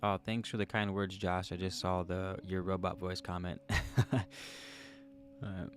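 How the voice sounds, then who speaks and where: Faint music sits behind a man hosting a livestream, who reads viewer comments in a low, level voice a little on the slow side. His chat is easygoing and joking, and he thinks aloud as he goes.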